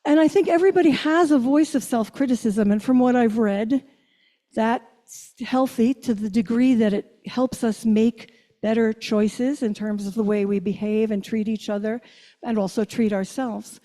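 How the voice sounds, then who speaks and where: An older woman minister giving a reflective sermon, asking her listeners questions and slowing down on key phrases. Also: fairly high pitch, warm tone. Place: church sanctuary. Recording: long church reverb.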